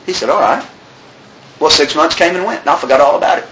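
A man telling his recovery story, earnest, with many restarts, dropping his voice low on the sad parts. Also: big pitch swings, fast talker, bright, forceful tone, echoey room, low-quality recording. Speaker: recovery meeting speaker.

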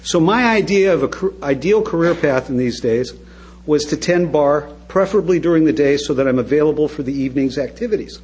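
A man with a notably high voice addresses a recovery meeting in a wry, comic storytelling manner. He keeps turning to the audience with direct asides. His delivery is conversational and full of punchlines. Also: animated, brisk, a little mellow, slight background noise, rough recording.

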